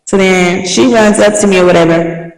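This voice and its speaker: Animated young woman telling a story in an echoey room. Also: mid-range voice, normal speed. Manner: animated, vivid storyteller with slangy asides. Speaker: podcast host. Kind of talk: casual storytelling. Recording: echoey room, mic at a distance.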